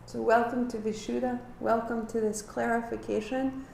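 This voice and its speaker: A woman teaching a live kundalini yoga class, giving calm movement cues and sharing earnest reflections. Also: fairly high pitch, moderate pace, creaky, slight background noise. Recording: echoey room.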